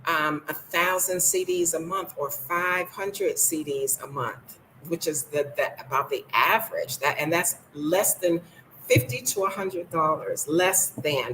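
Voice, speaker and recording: A woman's voice: low-pitched, measured pace, fairly bright tone, slight background noise, poor audio. An older woman from the United States, blunt and sassy, chatting casually in a vlog from her home. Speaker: vlogger.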